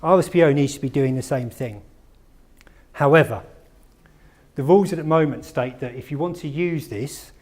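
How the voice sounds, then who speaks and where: A man's voice: mid-range voice, a little mellow. A man giving a conference presentation, chatty and conversational, asking the audience questions and joking at his own expense. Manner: conversational, asks the audience questions, self-deprecating asides. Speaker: conference speaker. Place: conference room.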